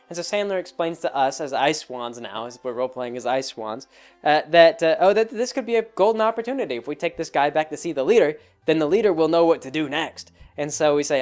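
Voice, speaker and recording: A man's voice: fairly high pitch, a little fast, faint music behind. A man hosting his show, telling a rambling story about a tabletop game with many restarts. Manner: rambling, animated, full of restarts. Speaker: host. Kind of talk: casual storytelling monologue.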